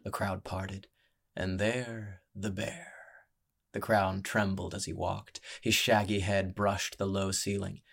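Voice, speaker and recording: A man reading a fantasy audiobook as narrator, with measured, dramatic storytelling. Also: low voice, completely flat delivery, creaky, slightly rough, faint music behind.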